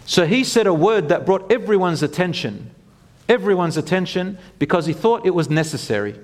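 A man preaching an animated storytelling sermon, acting out quotes and chanting scripture. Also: high-pitched, brisk. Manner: animated, acts out quotes, chants Quran verses. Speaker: Islamic preacher. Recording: long hall reverb.

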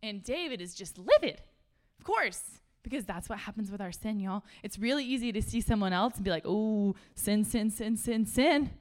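A woman's voice: mid-range voice, brisk, hardly any pauses. A woman preaches in a loose, conversational way to a roomful of listeners, laughing often and peppering her talk with "like." Her voice sits in the middle range for a woman. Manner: chatty and animated, laughs often, says "like" a lot. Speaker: speaker at a church gathering. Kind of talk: casual conversational sermon. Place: room full of listeners.

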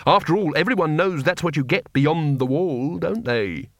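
A man's voice: a little high, expressive, normal speed, no echo, clean studio sound. A man reading an audiobook, voicing a nervous, cowardly wizard who speaks hesitantly, as if working things out aloud. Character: nervous male wizard, cowardly but cunning.

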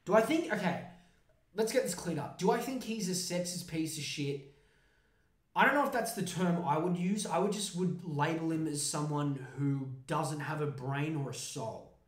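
A man's voice: fairly high pitch, normal speed. A podcast host man ranting comedically, swearing constantly in a mocking tone. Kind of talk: profane comedic rant. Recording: roomy echo.

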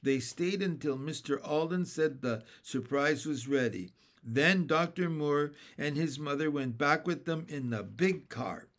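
A man reading a children's book aloud in a steady, clear storytelling manner. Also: on the high side. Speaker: reader.

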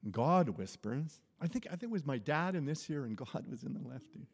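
A man, a pastor, telling a humorous personal story in an animated sermon. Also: on the high side, brisk, husky. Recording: echoey hall.

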